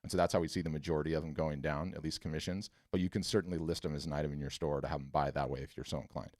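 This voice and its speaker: A man hosting a live webinar Q&A, who answers questions bluntly and tells animated, emphatic stories. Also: extremely low pitch, very fast, dry recording, studio quality.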